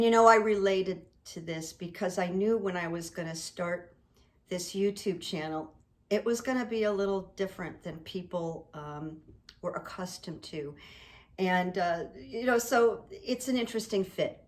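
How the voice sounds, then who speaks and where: Woman, middle-aged, lowish voice, rambling, earnest, casual to-camera talk. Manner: rambling, earnest, reads quotes slowly. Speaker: psychic coach and YouTube host.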